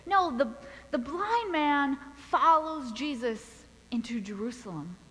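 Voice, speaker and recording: A woman pastor preaching a sermon in a church, telling a story in a deliberate, measured way. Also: high-pitched, expressive, a bit bright, big-room sound, a little hiss or hum, low-quality recording. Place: church sanctuary.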